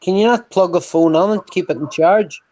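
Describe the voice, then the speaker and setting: A man's voice: high-pitched, normal speed, darkish tone. An Irish man co-hosting a casual livestream, mumbling, profane and bantering. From Ireland. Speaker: livestream co-host.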